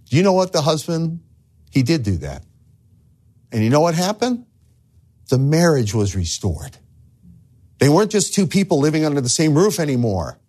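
A man's voice: on the high side, sing-song, normal speed, long pauses, darkish tone. A man preaching a sermon as a pastor, earnest, asking the listeners rhetorical questions and repeating words as he starts phrases.

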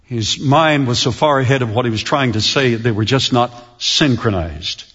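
A man preaching a sermon and telling stories, with a lively, animated delivery that slows down to stress key words. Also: medium pitch, husky. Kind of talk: sermon storytelling. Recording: dull lo-fi recording.

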